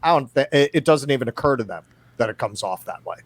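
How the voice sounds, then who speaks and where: A man's voice: mid-range voice, expressive, quick pace. A man co-hosting a political podcast, wry and mocking in tone. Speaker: podcast co-host. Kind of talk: political commentary chat.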